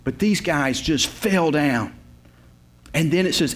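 A man's voice: on the high side, measured pace. A man, preaching a sermon as a pastor. He tells the story in an emphatic, repetitive way with folksy humor. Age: 50s.

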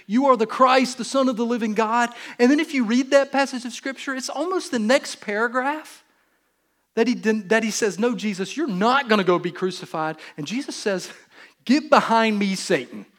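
Speaking briskly in a very high, slightly bright voice, a Southern US pastor delivers his sermon. He keeps it conversational and jokey, slipping into small acted-out quotes.

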